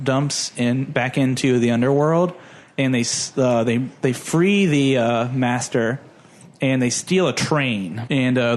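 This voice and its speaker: Young male podcaster, chatty and animated, mid-range voice, rambles through a movie recap. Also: mid-range voice. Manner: animated retelling with lots of "like", puts on silly voices for characters. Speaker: podcast co-host. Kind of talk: casual movie plot recap.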